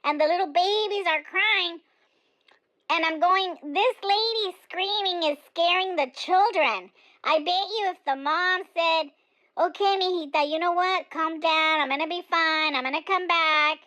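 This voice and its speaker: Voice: extremely high pitch, a little slow, bright, forceful tone, heavily acted, low-quality recording. A performer voicing an outspoken, chatty older woman, rambling through her opinions with plenty of fillers. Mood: opinionated. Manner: chatty, digressive, many fillers. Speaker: comedic character monologue.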